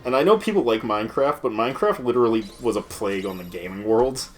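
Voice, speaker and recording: A man's voice: mid-range voice, lively intonation, fast, soft background music. A man hosting casual gaming commentary, ranting with plenty of swearing and laughter while mimicking other people's lines. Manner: profane ranting, laughs often, mocks quoted voices. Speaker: let's play host.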